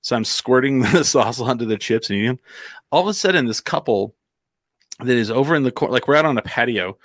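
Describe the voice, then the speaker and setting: A man's voice: medium pitch, animated, quick pace, fairly bright tone, no echo, clean studio sound. A man from New Mexico telling a long story in casual chat, rambling with fillers and acting out quotes.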